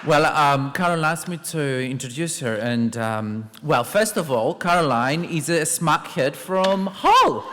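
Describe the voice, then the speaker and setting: A man from Wales introducing the main speaker at a convention, casually and haltingly with many fillers. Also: a little high, lively intonation, a bit bright, a faint crowd. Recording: long reverb of a large hall.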